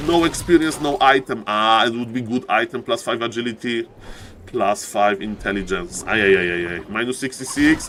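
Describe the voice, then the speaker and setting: A man casting a live strategy game, excitable, jumping to high yelps at big plays. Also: a little fast, slight background noise. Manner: keeps repeating "ladies and gentlemen". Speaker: esports caster.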